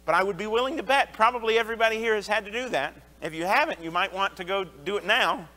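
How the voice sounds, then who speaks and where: An earnest man in his thirties preaching to a congregation, telling stories from his own life. His voice sits high for a man and rings bright and forceful, and he stumbles and restarts as he goes. The church hall adds a long reverb behind him. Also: quick pace. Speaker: associate pastor. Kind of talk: sermon. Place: church sanctuary.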